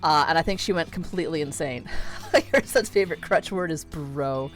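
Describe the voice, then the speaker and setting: Low-voiced woman chatting while gaming. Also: moderate pace, faint music behind. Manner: rambling, swears casually, many "like" fillers. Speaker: streamer. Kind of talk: casual chat while playing a video game.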